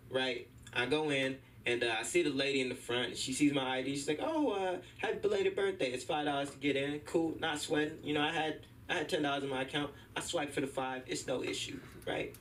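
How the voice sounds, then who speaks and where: Young male stand-up comic, bright and animated, heard from a distant mic in a club with faint noise. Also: medium pitch. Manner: animated storytelling, acting out voices. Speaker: stand-up comedian. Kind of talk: stand-up set at an open mic. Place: comedy club stage.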